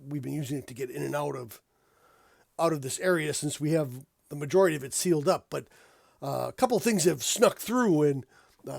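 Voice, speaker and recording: A man voicing a gruff male deep gnome clan leader who speaks haltingly with many pauses. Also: a little mellow, dry recording, studio quality. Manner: hesitant, halting speech.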